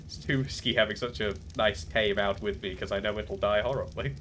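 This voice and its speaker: A man's voice: fairly low pitch, steady tone, fairly quick, fairly bright tone, slight background noise. A man streaming a game live, chatting casually and rambling off into trivia tangents. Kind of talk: casual gameplay commentary.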